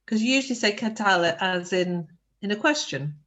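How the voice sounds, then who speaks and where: An older woman, a student translating a text aloud in class, halting and checking words as she goes. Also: mid-range voice, animated, a bit bright. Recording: dull video-call audio.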